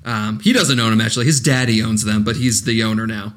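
A man's voice: on the low side, steady tone, quick pace, a bit bright. A man co-hosting a casual podcast, recapping a movie plot with profane, ranting commentary. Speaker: podcast co-host reviewing a movie. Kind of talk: casual movie-riff chat.

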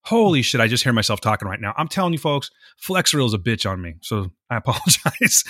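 A man hosting a podcast in casual chat, groggy from just waking up, quick and chatty. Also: mid-range voice, very animated, bright, forceful tone, dry recording, clean studio sound. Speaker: podcast host.

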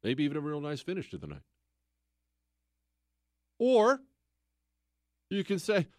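A middle-aged man hosting a talk radio show, reading listener mail and ranting emphatically, jumping from loud exclamations to low mutters. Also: wildly swooping pitch, measured pace, pauses often, dry recording, clean studio sound.

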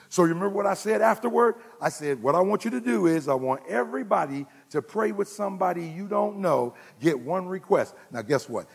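A male pastor delivers a sermon in a gravelly, husky voice that sits a bit high for a man. He swings from quiet, low asides to loud bursts of excitement. The sound carries a long reverb from the church hall. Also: brisk. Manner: animated preaching, swinging from low murmurs to shouts. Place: church sanctuary.

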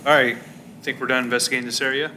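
A man playing a tabletop game, tossing off quick joking asides. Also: medium pitch, little pitch movement, sharp tone, a little hiss or hum. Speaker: player. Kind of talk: casual tabletop banter.

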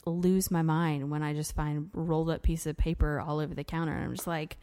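A woman in her thirties talks casually as a podcast co-host. Her voice sits a little low. She tells self-mocking stories about her kids and keeps up a chatty flow. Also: fairly even intonation, brisk, dark tone. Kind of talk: casual chat.

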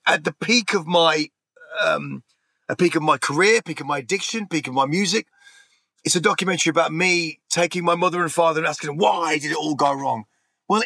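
A man's voice: a little high, vocal fry, pushed and bright, dry recording. A middle-aged man from England telling his life story in a candid, rambling interview, swearing freely and restarting his sentences. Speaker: interview guest.

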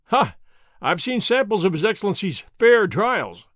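A daring masked outlaw from an old adventure story, defiant and full of taunts, as a man reads him aloud. The voice sits high and moves lively across its range. It is recorded close and dry. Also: unhurried, no echo, heavily acted. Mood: mocking. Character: dashing masked outlaw hero, bold and mocking.

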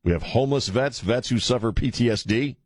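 A man's voice: mid-range voice, a little fast, a little mellow, slightly rough, dry recording. A man hosting a talk radio show, blunt and mocking, with a rambling delivery full of fillers. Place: radio studio. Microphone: studio microphone.

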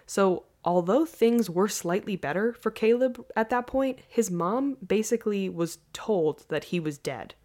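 A woman's voice: mid-range voice, a little slow, few pauses. A woman hosting a podcast, telling a story in a casual, earnest way. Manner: earnest, lively, laughs easily. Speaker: podcast host.

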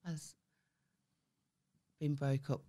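A woman's voice: deep voice, level tone, extremely slow, warm tone. A woman with a Brummie Scouse accent co-hosting a podcast, blunt, sweary and teasing in casual chat. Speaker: podcast co-host.

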